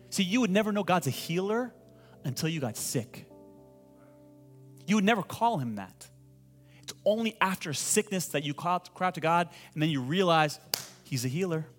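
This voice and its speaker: A man preaching a sermon as pastor to a congregation, asking them to repeat phrases and building to loud, impassioned pleading. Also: fairly high pitch. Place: church hall with congregation.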